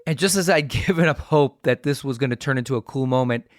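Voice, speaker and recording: A man's voice: medium pitch, fast talker, no room sound. A middle-aged man hosts a podcast, his mid-range voice chatty as he rambles through anecdotes. The sound is dry and close, with no room around it. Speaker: podcast host. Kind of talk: casual chat.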